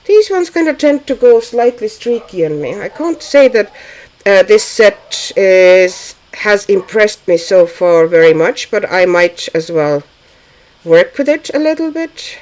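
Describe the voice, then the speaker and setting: A woman talks slowly and unhurriedly on a casual livestream, musing aloud as she paints. She thinks out loud with frequent fillers and pauses, and chats easily with her viewers. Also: medium pitch, lively intonation, rough recording. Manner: chatty with viewers. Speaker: livestream host.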